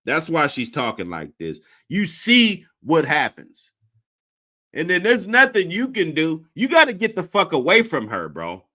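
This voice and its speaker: Crude, animated man doing commentary. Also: a little high, a little slow. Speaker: host. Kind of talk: reaction commentary.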